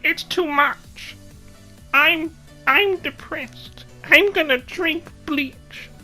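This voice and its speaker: A man putting on the voice of a whiny, self-pitying, melodramatic teenager, high and drawn out. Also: very slow, sharp tone, faint music behind, exaggerated voice, poor audio. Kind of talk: mocking impression in a vlog rant.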